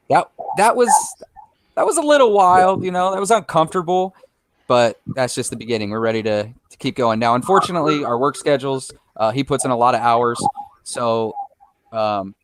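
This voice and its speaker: A man's voice: medium pitch, dry recording. A man chatting casually on a livestream, telling stories and acting out the voices of the people in them. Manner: animated storyteller, acts out quoted voices. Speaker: guest presenting a challenge video.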